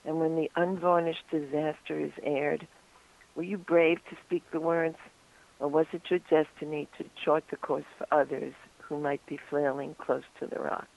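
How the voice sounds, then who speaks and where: A woman calling in to a radio show and reading her poem aloud in an earnest, deliberate way. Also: low-pitched, little pitch movement, creaky, a little mellow. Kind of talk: poetry reading on a phone call. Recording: muffled phone line.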